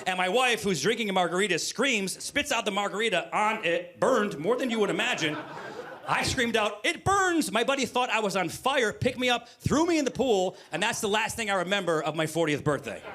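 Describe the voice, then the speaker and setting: A man in his forties doing stand-up storytelling on a live stage, animated and breaking into loud acted bits. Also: high-pitched, brisk. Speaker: stand-up comedian.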